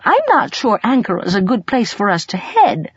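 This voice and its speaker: A woman voicing a plucky older grandmother caught up in espionage, speaking softly and earnestly. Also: medium pitch, huge pitch swings, moderate pace, breathy edge, dry recording, lo-fi sound, pitched above the performer's own voice. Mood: sad.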